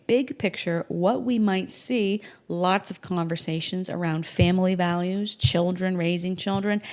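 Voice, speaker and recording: A middle-aged woman hosting an astrology podcast, talking casually and emotionally, with soft whispered asides. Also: on the low side. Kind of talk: casual solo podcast talk.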